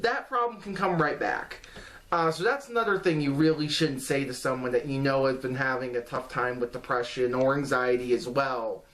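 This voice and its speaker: A man talks straight to camera, giving casual advice in an earnest but halting way. He restarts sentences often and fills gaps with ums and likes. His pitch sits in the middle of the usual range. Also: a bit bright. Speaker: vlogger.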